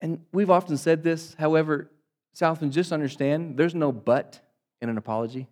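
A male pastor preaching a sermon to his congregation, swinging between loud emphatic bursts and quiet, low asides. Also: normal speed. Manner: dynamic preaching, rising loud for emphasis and dropping soft; addresses congregation as guys.

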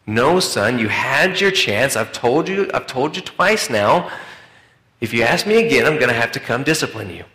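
A man's voice: medium pitch, big pitch swings, normal speed, sharp tone, echoey room, low-quality recording. A man doing a stern, tired mom. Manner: stern, warning. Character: firm tired mother at bedtime.

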